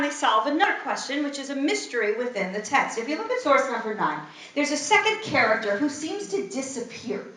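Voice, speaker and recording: Animated woman teaching in an echoey room. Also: high voice, far from the mic. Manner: animated, asks the class rhetorical questions. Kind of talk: text study class.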